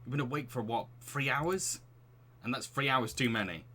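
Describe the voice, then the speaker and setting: A man's voice: medium pitch, moderate pace, sharp tone. A man from England streaming a dating game, giggling and reading the story aloud. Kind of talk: let's play commentary.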